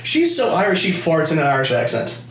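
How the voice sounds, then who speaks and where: A comedian and podcast host rambles through family stories, swearing freely and restarting his sentences. His voice sits a bit high for a man. The audio is roomy and distant, picked up by a camera across the room. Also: huge pitch swings, fairly quick, fairly bright tone, slight background noise. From United States, Connecticut. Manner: loose, profane, rambling with restarts. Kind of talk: casual comedic storytelling.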